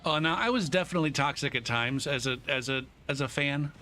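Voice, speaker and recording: Bright-voiced swearing game streamer, a man. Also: a little high, fairly quick, a little hiss or hum. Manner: profane, animated, laughs often. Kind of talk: live gameplay commentary and storytelling.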